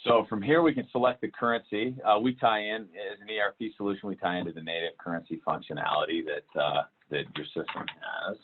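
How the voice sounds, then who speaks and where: A man walking through a software demo in a webinar, talking with many fillers and restarts. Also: lowish voice, steady tone, brisk, few pauses. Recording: tinny phone-like call audio.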